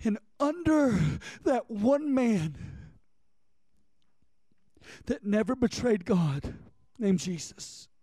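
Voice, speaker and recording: A man's voice: sits high, very animated, slow, mellow, no room sound. A man preaching a sermon with passion, in plain folksy speech, calling out to listeners by name. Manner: impassioned, talks straight to listeners by name.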